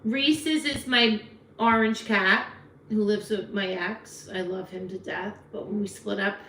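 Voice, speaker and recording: A woman's voice: medium pitch, fairly even intonation, a little slow, sharp tone, a little hiss or hum. Talkative Jersey woman in her fifties hosting a live chat, frank and leisurely, roomy home sound. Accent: New Jersey. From New Jersey. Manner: chatty, frank, talks back to viewer comments. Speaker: livestream host. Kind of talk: casual live chat reading comments.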